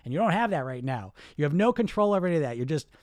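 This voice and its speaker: A man's voice: a little high, racing, no room sound. Blunt, profane man coaching, dry sound. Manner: blunt, profane, animated, acts out inner voices. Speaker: weight loss coach. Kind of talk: live podcast monologue.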